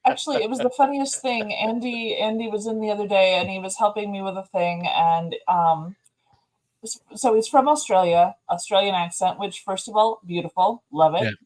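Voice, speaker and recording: Chatty lady cohost telling stories, laughs a lot, normal pitch. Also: normal speed, darkish tone, poor audio. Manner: chatty, laughs often, self-deprecating. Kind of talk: casual chat.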